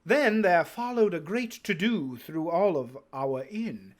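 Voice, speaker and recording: A man giving a theatrical, unhurried dramatic read-aloud of a classic novel. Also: high-pitched, expressive. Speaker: reader.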